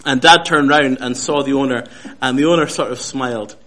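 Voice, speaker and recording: A man preaching a Bible study, measured and lively, who often repeats his key phrases for emphasis. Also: medium pitch. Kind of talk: sermon.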